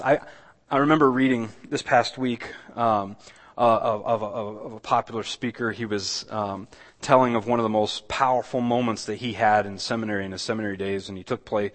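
Man preaching a conversational sermon. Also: on the low side. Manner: conversational, repeats words and restarts, swells louder on key points. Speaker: pastor.

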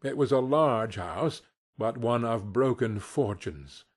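A man narrating an audiobook in expressive, unhurried scripted narration. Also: medium pitch.

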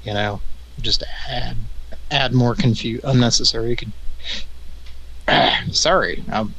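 A man hosting a live prank call show, talking in a wry, deadpan way. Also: mid-range voice, slow pace, low-quality recording. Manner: wry, deadpan storytelling with profanity. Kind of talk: casual live show chat.

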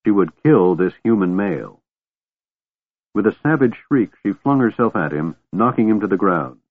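Low-voiced man narrating over a tinny line. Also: expressive, moderate pace, dry recording. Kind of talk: audiobook narration. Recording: tinny, dry, phone-like sound.

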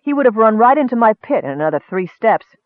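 A man's voice: sits high, big pitch swings, fast, no room sound, voice pushed up. A man voicing a small, willowy male kender who talks in a casual, matter-of-fact way, in a storybook reading. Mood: offhand. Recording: dry, narrow phone-like sound.

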